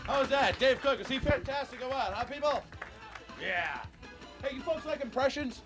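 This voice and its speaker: A man's voice: very high voice, lively intonation, normal speed. A man hosting a local comedy show, hyping the crowd and introducing acts between sets. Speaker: show host. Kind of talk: emcee patter between acts. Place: small comedy club or cable access studio. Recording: music behind, local cable taping.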